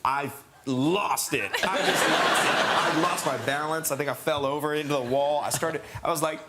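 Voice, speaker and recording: A man as a talk show guest, telling an anecdote in an animated, rambling way. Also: fairly high pitch, moderate pace, very noisy.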